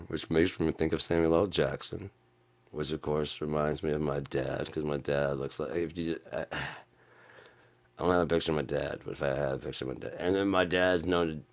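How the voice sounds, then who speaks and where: Deep gravelly man, profane and rambling. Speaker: channel host. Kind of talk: rambling vlog monologue.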